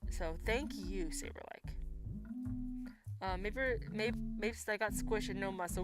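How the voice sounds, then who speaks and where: Woman streamer, casual chat, swears a lot, lively reactions, music clearly audible behind her. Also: medium pitch, unhurried. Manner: chatty, swearing, laughs often, lively reactions. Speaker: livestream host. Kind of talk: casual livestream chat, reading viewer comments.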